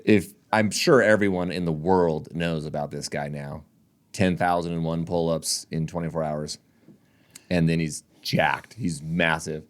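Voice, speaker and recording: A man with a low, deep voice chatting casually as a podcast co-host. He jokes and teases his partner and breaks into laughter often. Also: steady tone, a little slow. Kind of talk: casual chat.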